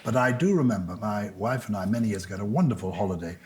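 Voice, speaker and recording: A man's voice: fairly low pitch, rapid-fire, a little mellow, slight background noise. An older man co-hosting a podcast before a live audience, telling stories in a jovial, theatrical way. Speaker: podcast co-host. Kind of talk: witty conversational banter.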